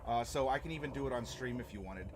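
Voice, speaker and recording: Talking quickly in a medium-pitched voice, a young game master hosts a live stream, his casual chat rambling and riddled with fillers and restarts, over a faint hiss or hum.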